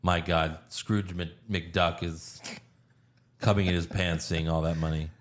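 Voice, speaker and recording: In a casual movie review chat, a podcast co-host walks through a film scene by scene, acting out the lines and swearing freely. His voice is low and fairly flat in pitch, and he takes his time.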